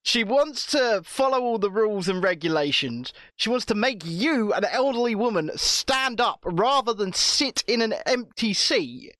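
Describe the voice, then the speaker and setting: Lively bright-voiced British man. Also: high voice, measured pace, few pauses, no echo, clean studio sound. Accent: British English. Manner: animated, swearing, restarts. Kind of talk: casual chat, storytelling.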